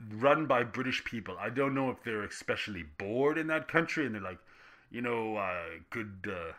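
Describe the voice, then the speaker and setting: A man hosting a casual gaming vlog Q&A, rambling and joking with self-deprecating asides, his delivery swinging between loud and soft. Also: mid-range voice. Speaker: gaming YouTuber answering viewer questions.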